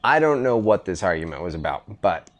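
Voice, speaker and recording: A man's voice: sits low, very animated, brisk. A middle-aged man hosting a podcast on an outdoor veranda, chatting casually with his son and rambling through stories. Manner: rambling, easygoing storytelling with restarts. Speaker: podcast host. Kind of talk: casual father-son chat.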